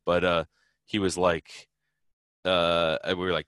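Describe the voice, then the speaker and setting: A man's voice: low voice, flat delivery, normal speed, long pauses, a bit bright, clear, resonant tone, dry recording. A man answering interview questions in a loose, rambling way, full of fillers and restarts. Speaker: interview guest, traveler. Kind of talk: casual conversational interview.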